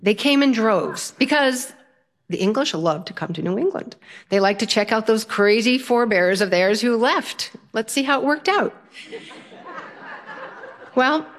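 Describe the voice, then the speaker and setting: An older, self-taught storyteller tells an audience a personal story in a lively, humorous manner, her pitch jumping up for the punchlines.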